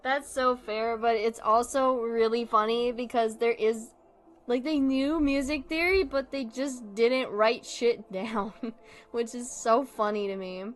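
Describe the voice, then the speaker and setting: A woman's voice: on the high side, steady tone, unhurried. A young woman streamer in casual chat, rambling, giggling often and swearing freely.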